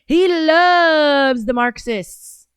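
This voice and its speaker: Woman in her 30s hosting, fired-up sarcastic ranting and swearing, kinda high voice, dry close sound. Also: extremely slow, no room sound. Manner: heated, sarcastic, profane ranting. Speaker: show host. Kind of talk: casual political commentary.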